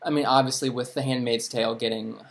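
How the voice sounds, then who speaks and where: Man co-host, middle pitch, easygoing and self-deprecating in casual chat. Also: quick pace, a little hiss or hum. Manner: relaxed, self-mocking humor. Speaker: podcast co-host.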